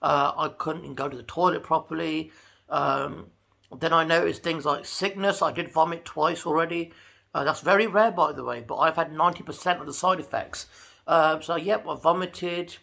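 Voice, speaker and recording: Male vlogger, gravelly and forceful tone, slightly high pitch, chatty storyteller. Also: moderate pace. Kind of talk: casual talking-to-camera vlog.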